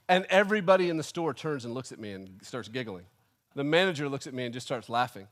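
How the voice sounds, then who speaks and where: A man preaching a sermon, telling a comic personal story with animated, indignant storytelling. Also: fairly high pitch, fairly quick. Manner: animated storytelling, acting out his own indignation. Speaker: pastor.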